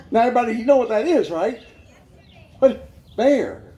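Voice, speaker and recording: A man's voice: very high voice, lively intonation, a little slow, warm tone, lo-fi sound. A man telling his life story as a church testimony, folksy and self-mocking, often laughing as he talks. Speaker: guest speaker giving his life testimony.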